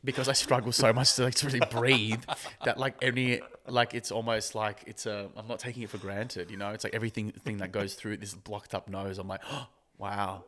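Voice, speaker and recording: A man's voice: on the low side, level tone, fairly quick, pushed and bright. Rambling, giggly male podcast guest. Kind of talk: casual podcast chat.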